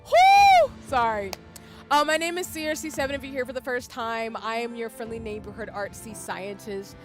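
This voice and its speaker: A woman live streamer chatting casually and warmly with her viewers, rambling with fillers. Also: on the high side, fairly even intonation, a little fast, over loud music.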